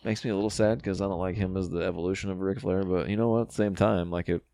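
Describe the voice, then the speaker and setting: Fast-talking low-voiced man, casual chat. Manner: fast, swearing, animated storytelling. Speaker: podcast co-host.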